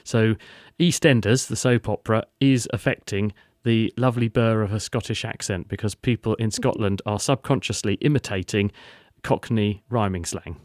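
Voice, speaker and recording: A man's voice: lowish voice, normal speed, a little mellow, dry recording, clean studio sound. A man hosting a science podcast, explaining in a string of rhetorical questions and answers.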